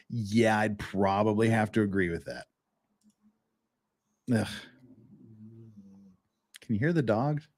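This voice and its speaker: A man's voice: fairly low pitch, animated, takes it slowly, pauses often, darkish tone. A man hosting a live-stream legal commentary show, ranting in a profane, sarcastic and exasperated way.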